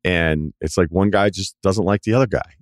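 Deep-voiced man hosting a casual podcast. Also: normal speed, no echo, clean studio sound. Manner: relaxed, rambling, restarts and asides. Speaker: podcast host. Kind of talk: casual chat.

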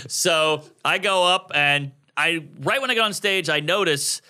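A man's voice: on the high side, moderate pace. A man telling a comic story in casual chat, swearing freely and acting out the people in it. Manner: animated, swearing, acts out voices in his stories. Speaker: comedian guest.

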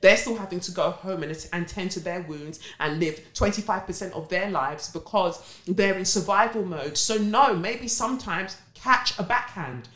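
Animated woman. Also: fairly low pitch. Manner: animated, swinging between loud and hushed. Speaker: podcast co-host. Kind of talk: casual podcast chat. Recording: echoey room.

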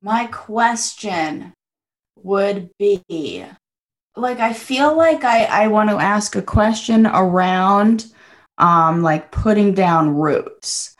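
A woman's voice: mid-range voice, extremely slow. A young adult woman chatting as a guest, bubbly and effusive, with lots of fillers. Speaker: podcast guest. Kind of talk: casual chat.

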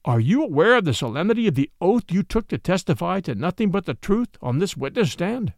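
Here is a blustering judge who roars and snarls at the witness, played by a man reading the story. His scolding pitch leaps high and drops low. The sound is dry and close. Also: sing-song, brisk, dry recording. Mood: snarling. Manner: roaring, fierce and scolding. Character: blustering, bullying male small-town judge.

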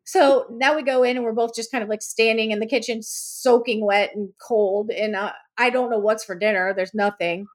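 A woman's voice: moderate pace, hardly any pauses. A woman co-hosting a casual podcast chat, telling a story and acting out the lines with big jumps in her voice. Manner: animated, acts out quoted lines with big pitch jumps. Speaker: podcast co-host.

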